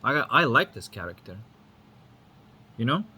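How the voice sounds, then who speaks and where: A man's voice: medium pitch, big pitch swings, unhurried, sharp tone, a little hiss or hum. A man from Lithuania whose English accent mixes Lithuanian, American and British sounds, giving a rambling, frank spiritual talk and swearing casually. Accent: mixed Lithuanian, American and British English. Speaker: spiritual teacher.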